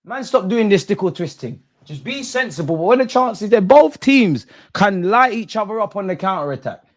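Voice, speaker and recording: Young man, excitable, slangy, live football reaction. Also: sits high, normal speed. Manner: excitable, shouts at players and the referee, slangy. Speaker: football watch-along host. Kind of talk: live match reaction commentary.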